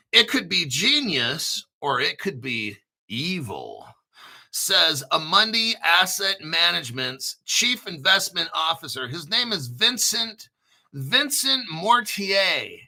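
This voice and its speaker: A man's voice: a little high, creaky, bright, forceful tone. A man hosting a crypto channel, reading a news article aloud in a rambling, boastful way, full of crude swearing and jokey asides.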